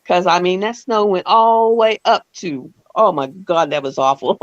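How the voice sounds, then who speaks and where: A woman's voice: lowish voice, unhurried, no room sound, dull audio. A woman in her fifties hosting a live stream, telling stories in a chatty way with laughs and acted-out quotes. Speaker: host. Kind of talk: casual storytelling chat.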